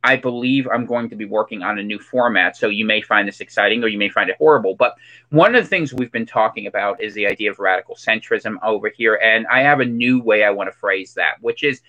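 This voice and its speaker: A man's voice: fairly low pitch, fast talker, pushed and bright, rough recording. A man hosting his own online show, chatting casually and rambling through updates. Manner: chatty and rambling, with fillers and restarts. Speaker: host.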